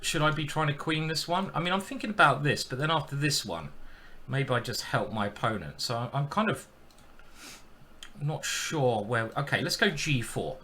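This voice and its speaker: A man's voice: medium pitch, animated, normal speed, bright, forceful tone, slight background noise. A man giving casual live-stream commentary while playing chess, chatty and thinking aloud.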